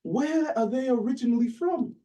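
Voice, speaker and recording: A man doing a pompous old British Oxford professor, plummy and haughty, his accent clipped and his voice pitched up high. It sounds like it was recorded from a distance across a lecture room, with a mellow, dark tone. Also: moderate pace. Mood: inquisitive.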